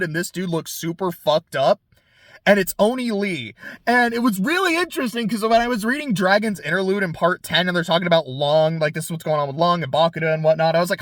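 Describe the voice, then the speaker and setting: A young man reacting to a book in casual chat, animated, swearing freely and laughing often. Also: high voice, dry recording.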